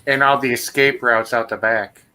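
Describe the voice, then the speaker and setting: A man's voice: medium pitch, steady tone, normal speed, bright, forceful tone. A man co-hosting a live stream, chatting casually and eagerly telling a story of his own. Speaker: co-host of a live paranormal show.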